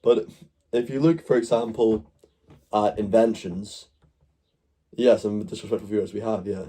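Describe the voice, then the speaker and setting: A man's voice: on the low side, steady tone, moderate pace, long pauses, dark tone, husky. A man hosting a live stream, rambling through his points and answering the chat.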